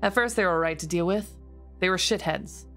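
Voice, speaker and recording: A woman streamer reading posts aloud in a deliberately lower, steady voice. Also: soft background music. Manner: reads in a lower, steadier voice, laughs often.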